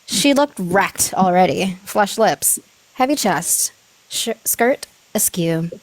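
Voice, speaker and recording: A woman's voice: on the low side, expressive, takes it slowly, dry recording. Giggly woman reading aloud, dry sound. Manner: giggly, self-correcting reading with asides. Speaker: streamer reading a story aloud. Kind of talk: live-stream reading aloud.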